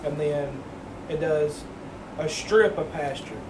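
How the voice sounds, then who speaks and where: A man's voice: a little high, slow pace. A man telling a long rambling story in casual, profane podcast chat. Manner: rambling, profane, swears often. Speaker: podcast co-host. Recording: echoey room, mic at a distance, audible background hiss.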